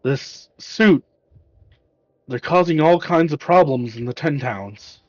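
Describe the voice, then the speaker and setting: A man's voice: fairly high pitch, expressive, takes it slowly, dry recording, lo-fi sound. A man voicing an earnest, remorseful young male human paladin.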